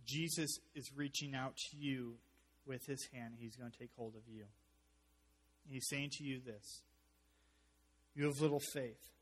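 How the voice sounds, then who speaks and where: A man preaching a sermon as pastor, animated, with joking asides, swinging from loud to hushed. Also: medium pitch, a little slow, long reverb tail.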